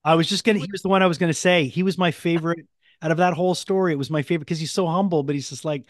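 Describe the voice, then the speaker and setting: Fast-talking male podcast host, mid-pitched voice, dry close sound, agreeable casual chat. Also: fairly even intonation, dry recording. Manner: fast, agreeable, backchannels often.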